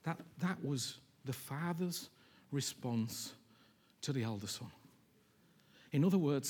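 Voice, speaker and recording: A man with a slightly husky voice preaches a sermon, pressing his points through repetition and direct questions to the room. He moves into prayer in the same voice. His pitch sits in the middle range for a man. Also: animated, takes it slowly, a little mellow. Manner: emphatic, repetitive, addressing the congregation directly. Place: church hall with a congregation.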